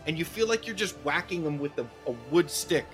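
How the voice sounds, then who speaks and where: Man, middle-aged, podcast co-host, animated profane ranting, higher voice. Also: fairly quick, faint music behind. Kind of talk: casual gaming podcast chat.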